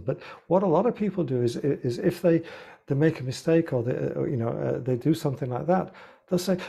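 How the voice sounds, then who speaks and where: A man's voice: on the high side, animated, brisk, creaky, dark tone, husky. A man, a life coach and author, explaining ideas earnestly in an interview with lots of examples. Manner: earnest, example-driven, repeats words while thinking.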